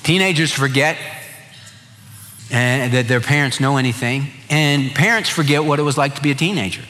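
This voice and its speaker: Folksy preacher with a bright voice. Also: male voice, medium pitch, moderate pace. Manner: folksy, humorous storytelling. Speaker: pastor. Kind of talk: sermon. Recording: reverberant church hall.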